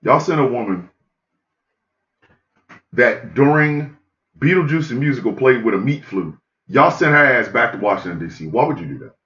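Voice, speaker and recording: A man delivering a loud, incredulous comedic rant, repeating himself and shouting his disbelief. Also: medium pitch, lively intonation, normal speed, long pauses, roomy sound, dull audio. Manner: loud, incredulous, repetitive ranting. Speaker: comedy podcast host. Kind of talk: ranting comedic monologue.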